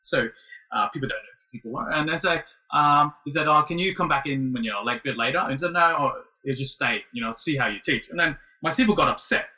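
A man in his late thirties telling a casual story as a guest, animated and halting, with many restarts. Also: fairly high pitch, far from the mic, lo-fi sound. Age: 30s. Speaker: guest, martial arts student.

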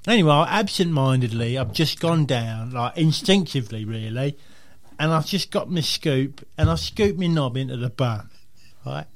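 Bloke, gravelly, deadpan rambling comic story, voice swings up and down a lot. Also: male voice, medium pitch, normal speed. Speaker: comedy podcast co-host. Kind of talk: absurd comic anecdote, improvised banter.

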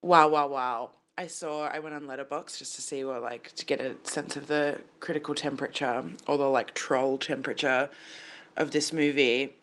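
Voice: mid-range voice, fairly even intonation, moderate pace, a bit bright. A podcast co-host in their thirties, talking with emphatic enthusiasm and casual swearing in a voice memo. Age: 30s.

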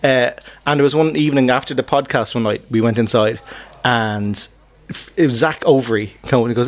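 An Irish man co-hosting a comedy podcast, telling a story in an animated way that repeats words. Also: mid-range voice, brisk. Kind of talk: casual chat, storytelling.

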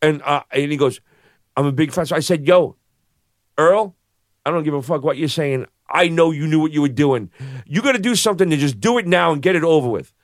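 A man's voice: fairly high pitch, fairly quick, no room sound, studio quality. A man telling a long story in casual chat, swearing freely and acting out the voices of the people in it.

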